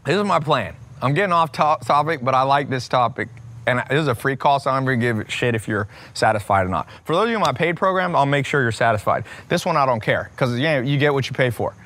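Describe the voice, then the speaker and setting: A man in his thirties from the United States, talking in a blunt, profane, unscripted rant as a self-help speaker, with his pitch jumping up and down. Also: expressive, quick pace, a bit bright, a little hiss or hum. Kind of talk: unscripted ranting monologue.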